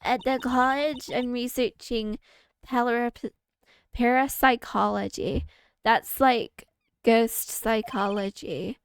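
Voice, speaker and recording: A woman's voice: a little high, fairly even intonation, slow pace, clean tone, no echo. A woman voicing a ditzy young American college girl with an airheaded manner, full of "like", reading game dialogue aloud. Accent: American, put on. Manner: airheaded, peppered with "like".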